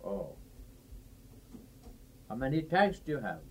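A man voicing a gruff Soviet leader in a joke, using a mock Russian accent and a taunting manner, at an informal house session. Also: mid-range voice, big pitch swings, slow pace, slight background noise.

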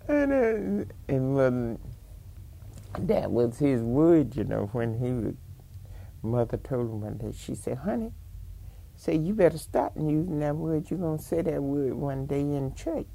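Casting: older woman, slow gravelly voice, lively storyteller acting out family dialogue on an archive tape. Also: very deep voice. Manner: animated, acts out family dialogue. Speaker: interviewee. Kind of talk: oral history storytelling.

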